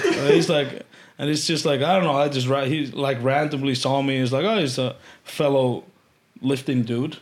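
An Icelandic man, a podcast guest, telling casual stories with lots of swearing and loud acted-out quotes. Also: medium pitch, moderate pace, a little hiss or hum. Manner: animated, swearing, acts out quotes loudly. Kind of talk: casual storytelling chat.

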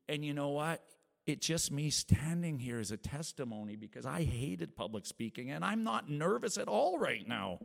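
A middle-aged man, a worship leader, praying and telling his testimony in a chatty, lively way, laughing often and acting out voices. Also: medium pitch, normal speed, creaky. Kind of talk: prayer and personal testimony talk. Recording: long reverb of a large hall.

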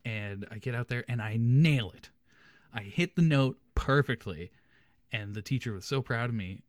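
A man's voice: medium pitch, normal speed, no echo. Dry-sounding young man telling a story. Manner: animated, laughs through his story. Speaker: podcast host. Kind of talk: casual storytelling chat.

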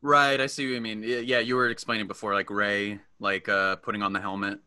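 A young man co-hosting a casual film podcast, talking in halting bursts with lots of fillers and teasing jokes. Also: fairly low pitch, level tone, pushed and bright, no echo. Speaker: podcast co-host.

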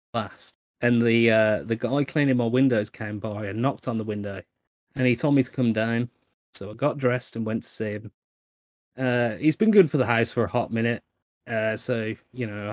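A man's voice: medium pitch, dry recording. Dry-voiced man swearing through podcast banter. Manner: swears a lot, rambling with fillers and laughs. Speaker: podcast co-host.

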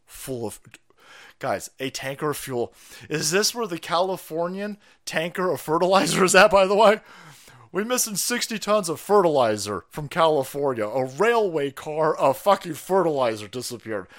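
A man's voice: a little high, sing-song, normal speed, a bit bright. Sweary sarcastic guy ranting on a stream, voice jumps up and down a lot. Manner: sarcastic, foul-mouthed, mocking. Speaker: political commentator streamer. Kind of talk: profane ranting commentary on a live stream.

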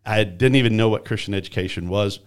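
A man hosting a podcast interview, telling a story in a lively way and acting out the quoted voices. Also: lowish voice, fast, clean tone. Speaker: podcast host.

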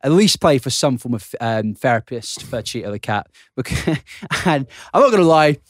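Giggly man, lively rambling banter. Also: mid-range voice, normal speed, no room sound, studio quality. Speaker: podcast co-host. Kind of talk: casual comedic podcast chat.

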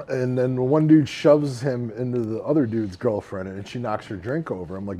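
A man's voice: medium pitch, moderate pace. A man co-hosting a casual podcast, telling a rowdy story with lots of swearing and laughter. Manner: animated, profane, laughing while telling a story. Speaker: podcast co-host.

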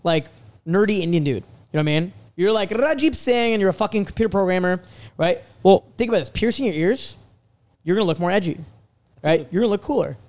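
Fast, brash high-voiced man. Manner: brash, profane, animated storytelling. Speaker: podcast host and dating coach. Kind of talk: casual podcast chat.

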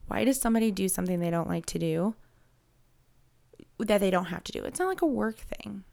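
A woman in her thirties speaks candidly and emotionally, circling back on her thoughts with frequent restarts. Her voice sits in a middle pitch with a gravelly, fried texture at the ends of phrases. It is a confessional, conversational delivery. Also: animated, a little fast, a little mellow. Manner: open, emotional, rambling with restarts.

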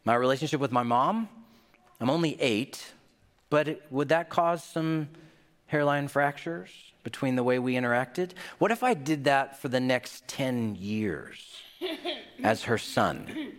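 Man, pastor, sermon, animated storytelling, lively pitch, long hall reverb. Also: unhurried. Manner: animated storytelling with acted-out quotes. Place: large hall.

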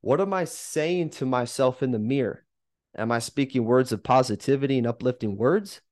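A man's voice: mid-range voice, normal speed, darkish tone, no echo, clean studio sound. A man who is a fitness coach, hosting a podcast monologue and urging listeners in an emphatic, urgent pep-talk style.

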